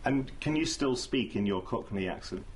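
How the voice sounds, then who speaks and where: A man's voice: mid-range voice, lively intonation, moderate pace. A man interviewing a guest with direct, probing questions and light laughter.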